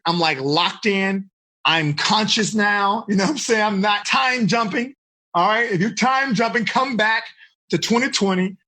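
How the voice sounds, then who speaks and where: A man coaching teenagers in a live online seminar, energetic and full of rhetorical questions, on a computer mic. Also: sits high, husky. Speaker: life coach.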